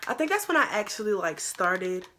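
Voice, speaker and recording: A young woman vlogger telling a story in casual, slangy chat, animated and acting out her own quotes. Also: medium pitch, a little fast, background noise. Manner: animated, acts out quotes in a louder voice; slangy, lots of "like" and "bro". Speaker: YouTuber.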